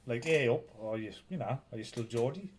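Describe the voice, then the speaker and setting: A man's voice: medium pitch, expressive, a little fast, background noise. Chatty Northeast English man. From Northeast England. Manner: banters with viewers, rambling and teasing. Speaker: live-stream host. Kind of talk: casual live-stream chat.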